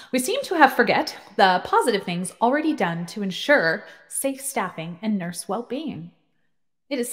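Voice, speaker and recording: A woman in her thirties, a nurse practitioner, giving sarcastic, chatty reaction-video commentary full of fillers. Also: mid-range voice.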